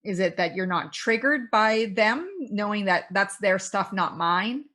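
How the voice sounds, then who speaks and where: A woman hosts a podcast interview, posing thoughtful questions and affirming what her guest says. Her voice sits at a medium pitch and her tone is conversational. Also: measured pace, a bit bright. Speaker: podcast host.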